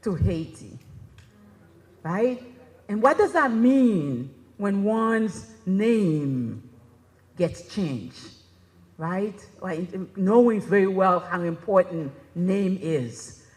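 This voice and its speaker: A woman's voice: medium pitch, expressive, very slow, darkish tone. Chatty woman presenting in a reverberant hall. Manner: conversational, keeps asking "right?". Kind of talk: conference presentation.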